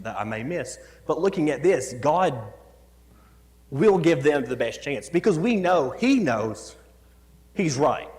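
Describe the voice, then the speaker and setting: A man's voice: medium pitch, darkish tone. Man preaching in a reverberant church. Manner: conversational, joking asides while reading scripture. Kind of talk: sermon. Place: church sanctuary. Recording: long church hall reverb.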